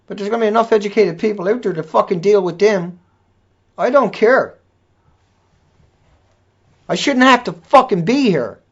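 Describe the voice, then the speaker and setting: A man's voice: high voice, normal speed, long pauses, breathy edge. A man delivering an angry, profane, repetitive rant as a video blogger. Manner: furious, profane, repetitive tirade. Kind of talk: angry ranting monologue. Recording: dull lo-fi recording.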